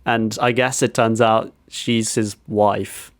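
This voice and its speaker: A man's voice: on the low side, little pitch movement, slow pace, no echo. A man on a podcast telling a story, acting out quotes as he goes. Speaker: podcast co-host. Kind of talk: casual chat.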